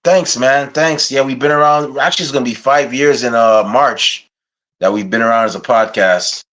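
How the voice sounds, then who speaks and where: A man's voice: medium pitch, normal speed, a bit bright. A man hosting a wrestling podcast, opening with a rhyming hype intro and then chatting casually and telling stories. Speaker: podcast host.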